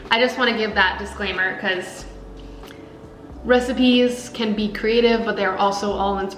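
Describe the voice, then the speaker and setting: A woman's voice: medium pitch, a bit bright, echoey room, slight background noise, poor audio. A young woman casually chatting through a cooking and eating vlog, upbeat and full of filler words. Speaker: food vlogger.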